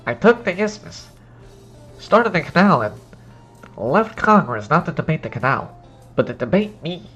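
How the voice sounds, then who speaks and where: A man's voice: on the high side, sing-song, normal speed, pauses often, a bit bright, husky, pitched above the performer's own voice, full character voice. A man putting on a boastful old president. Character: boastful blustering old male president, grand. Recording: muffled, with music behind.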